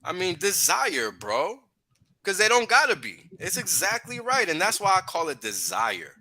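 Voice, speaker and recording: A man's voice: high-pitched, wildly swooping pitch, moderate pace, pushed and bright, slight background noise. A man hosting a livestream, ranting profanely and heatedly with frequent laughs. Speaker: podcast host.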